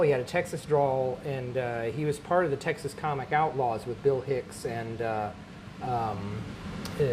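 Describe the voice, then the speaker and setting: A man, a stand-up comedian, telling a long anecdote in casual chat, animated and laughing between lines, with many fillers. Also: mid-range voice, a little hiss or hum.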